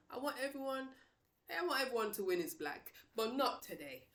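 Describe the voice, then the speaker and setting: A woman's voice: a little high, lively intonation, fairly quick, fairly bright tone, echoey room, soft background music. A woman giving a casual, emphatic opinion monologue on wrestling, talking straight to her viewers. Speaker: wrestling commentator.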